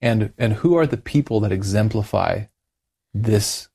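A male interviewer talking in a thoughtful, halting way with many restarts. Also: fairly low pitch, gravelly, dark tone, husky. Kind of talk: conversational interview.

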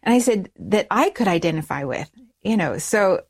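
A middle-aged woman telling a personal story as an interview guest, lively, raising her voice when she quotes people. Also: mid-range voice, normal speed, slightly rough. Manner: animated storytelling, acts out quoted dialogue in a raised voice. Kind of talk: personal conversion story in conversation.

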